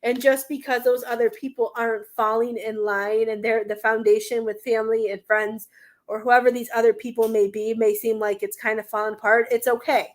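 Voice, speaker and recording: A woman's voice: on the high side, flat delivery, fairly quick. A young adult woman giving a live tarot reading, earnest and rambling, often close to tears, with many fillers. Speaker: tarot card reader.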